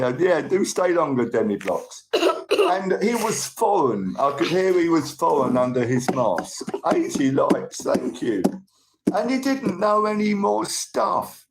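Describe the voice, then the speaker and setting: A man's voice: medium pitch, very animated, measured pace. A middle-aged man, hosting a rambling live stream and greeting and thanking viewers. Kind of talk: casual live-stream chat. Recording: roomy room with faint noise.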